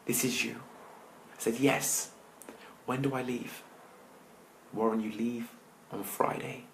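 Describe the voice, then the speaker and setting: A man, a motivational speaker, telling his personal story to an audience with dramatic pauses, often dropping his voice to near-whispers. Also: medium pitch, fairly even intonation, a little hiss or hum, rough recording.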